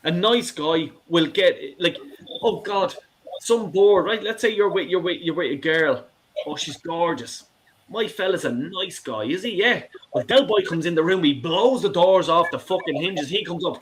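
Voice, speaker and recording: A man's voice: sits high, animated, normal speed, slight background noise. A middle-aged man calling in to a show, ranting with passion, swearing and stumbling over repeated words. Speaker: caller. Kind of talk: heated phone-in rant.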